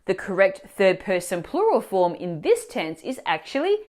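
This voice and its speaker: A woman teacher explaining grammar mistakes in clear, instructive scripted narration, asking the viewer questions. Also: medium pitch, huge pitch swings, normal speed, a little mellow. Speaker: language teacher.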